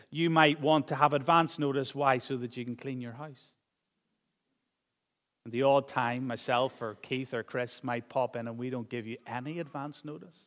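Male pastor preaching in a reverberant hall. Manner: swings between raised emphasis and quiet, low asides. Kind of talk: sermon.

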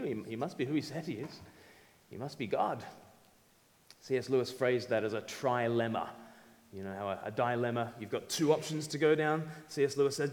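A man preaching a sermon in a lively, conversational way, asking the audience questions. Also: mid-range voice. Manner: animated, conversational, audience-engaging. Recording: reverberant hall.

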